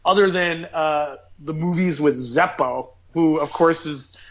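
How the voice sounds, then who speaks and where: A man hosts a casual podcast chat in a lively, joking way and often restarts his sentences. His voice sits high for a man. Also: unhurried, a little hiss or hum, rough recording. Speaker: podcast host.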